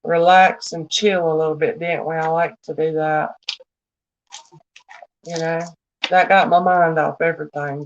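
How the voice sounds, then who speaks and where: Slow-talking Southern woman, lowish voice. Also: lo-fi sound. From United States. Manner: chatty, homey, addresses viewers by name. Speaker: livestream host. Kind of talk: casual live-stream chat.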